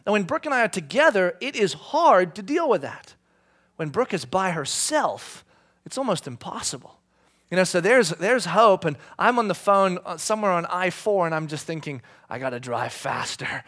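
Storytelling pastor in his thirties, slightly high voice. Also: expressive, moderate pace, a bit bright. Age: 30s. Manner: chatty, self-deprecating storytelling with fillers. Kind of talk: sermon storytelling.

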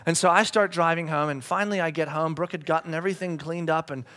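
A man's voice: fairly high pitch, fairly even intonation, fast talker, fairly bright tone. A man in his thirties, a pastor, telling a chatty, self-deprecating family story in a sermon. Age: 30s.

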